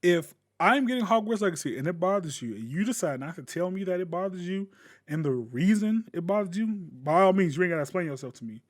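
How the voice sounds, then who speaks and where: A man ranting casually to camera as a gaming YouTuber, blunt and profane, with sudden loud bursts. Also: high-pitched, expressive, fast.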